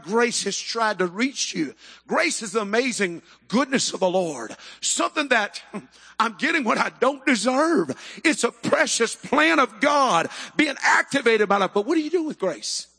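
High bright guy preaching hard, shouts the big points, echoey hall. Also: animated, unhurried, husky. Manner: fervent, swings into shouted emphasis. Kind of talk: sermon.

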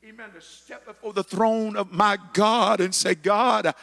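A man preaching a sermon, punctuating with amens and rising to shouted peaks. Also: high-pitched, fairly even intonation, measured pace, creaky, in a large hall. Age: 50s. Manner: builds to shouted climaxes, chanting amen.

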